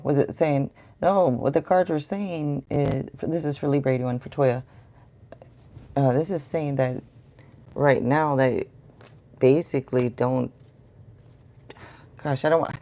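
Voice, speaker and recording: A woman's voice: low voice, dark tone. A middle-aged woman giving a rambling, chatty live tarot reading and talking to viewers in the chat. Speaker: tarot reader.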